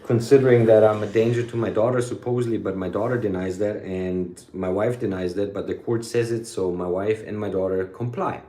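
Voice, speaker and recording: Man, vlogger; loose, rambling and sweary, dark relaxed timbre, roomy echo. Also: lowish voice, brisk, hardly any pauses. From United States. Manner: rambling, sweary, drops German phrases. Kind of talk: casual rambling monologue. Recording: echoey room.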